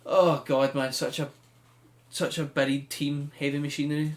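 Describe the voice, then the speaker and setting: A man hosting a podcast, telling things in a chatty, animated way with frequent laughs. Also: a little high, normal speed. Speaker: podcast host. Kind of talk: casual chat.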